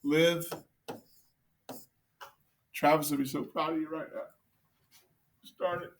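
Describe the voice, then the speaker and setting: A man teaching a math class, joking with students and quizzing them with quick questions. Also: fairly high pitch, little pitch movement, slight background noise.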